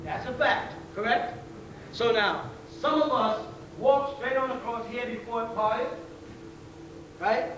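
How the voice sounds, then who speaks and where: Man, high voice, slangy lecturer quizzing his class; distant, roomy 90s tape with faint hiss. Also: slow pace, a bit bright. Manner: conversational, keeps checking in with rhetorical questions; blunt street slang and profanity. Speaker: teacher leading a class. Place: class meeting room.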